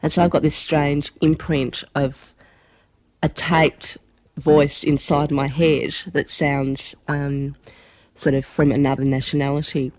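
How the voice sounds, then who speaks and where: A speaker with a broad Australian accent and a nasal voice, talking in a thoughtful, halting monologue for a radio art piece. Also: mid-range voice, flat delivery, darkish tone, dry recording, low-quality recording. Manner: thoughtful, halting, with frequent ums. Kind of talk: reflective spoken monologue.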